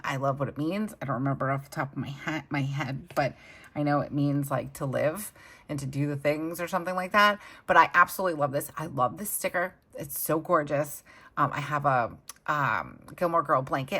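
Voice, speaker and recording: A woman's voice: deep voice, fairly bright tone. A woman with children chatting casually and enthusiastically as a planner vlogger while she decorates her planner. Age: adult with children. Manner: chatty, enthusiastic, many fillers.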